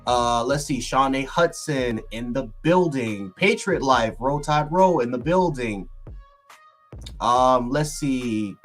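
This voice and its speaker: A man hosting a casual livestream, talking in an excitable, rambling way with lots of fillers and restarts. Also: medium pitch. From Buffalo, New York. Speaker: sports channel host.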